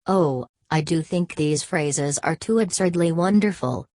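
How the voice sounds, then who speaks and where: A man's voice: a little high, measured pace, a little mellow, no room sound, lightly acted. A woman reading an audiobook, voicing a tipsy, giggling young man who squeals and hiccups. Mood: tipsy, gushing.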